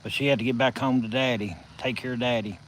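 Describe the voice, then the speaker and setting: A man with a Southern US accent hosting a casual live stream from his phone, telling stories in a folksy, drawn-out way. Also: medium pitch, fairly even intonation, fairly bright tone, slight background noise, rough recording. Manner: folksy, drawn-out storytelling with chuckles.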